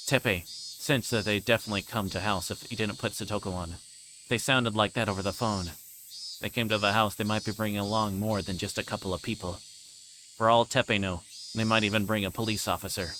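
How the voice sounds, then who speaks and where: A man's voice: fairly low pitch, slight background noise. Man reading a story aloud. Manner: plain, steady reading with casual asides. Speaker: streamer reading a visual novel.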